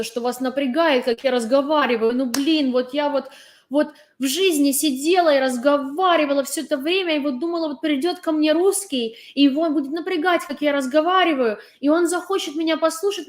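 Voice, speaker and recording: A young woman from Ukraine, giving blunt, sarcastic, condescending live-stream commentary with swearing. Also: high voice. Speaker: vlogger.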